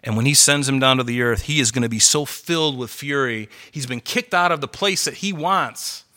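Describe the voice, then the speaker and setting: Fervent, forceful man preaching. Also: medium pitch, normal speed. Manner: fervent, worked up, conversational. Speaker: pastor. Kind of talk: sermon. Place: church hall with congregation.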